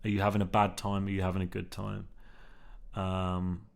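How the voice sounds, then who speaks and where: Gravelly, low, and monotone, a man talks at a moderate pace in a casual vlog while testing a mic he recently bought. The monologue drifts around, loaded with ums, restarts, and a habit of tagging sentences with "man".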